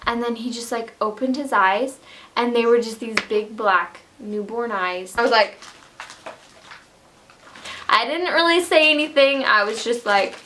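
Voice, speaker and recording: A woman's voice: on the high side, animated, moderate pace, bright, forceful tone, a little hiss or hum. A young woman casually telling a personal story at home, chatty with many fillers. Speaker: vlogger. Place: home room.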